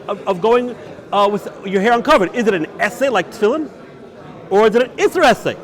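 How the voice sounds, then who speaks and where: A rabbi gives a lively yeshiva lecture on Jewish law. His voice sits high for a man and swings widely in pitch. He poses questions and answers them himself, and he works Hebrew and Yiddish terms into his English. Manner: animated, asks and answers his own questions.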